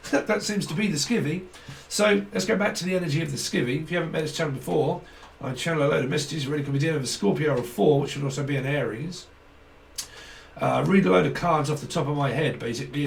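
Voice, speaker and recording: A man's voice: a little high, quick pace, creaky, distant mic, a little hiss or hum. A man giving a casual channelled tarot reading, rambling, swearing often and laughing between thoughts. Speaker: tarot reader.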